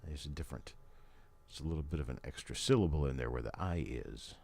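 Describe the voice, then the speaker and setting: An older man talks in a very deep, gravelly voice with a dark, mellow tone. He hosts a casual live stream from home, rambling along in a folksy way with plenty of chatty asides. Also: fast. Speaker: host. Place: his home.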